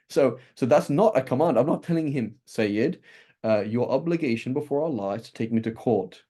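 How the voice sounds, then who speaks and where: Brief: male teacher, mellow tone, animated classroom lecture, checks in with "right?". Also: medium pitch, moderate pace. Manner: animated, frequent "right?" checks, restarts and asides. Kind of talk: classroom lecture on Islamic texts.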